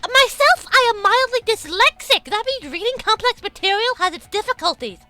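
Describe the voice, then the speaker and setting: Woman putting on a squeaky baby-voiced online nitpicker. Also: animated, normal speed, pushed and bright, exaggerated voice. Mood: mocking. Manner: squeaky, tight-jawed, mocking, swearing. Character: whiny pedantic online commenter in a baby voice. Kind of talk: comedic rant in a put-on voice.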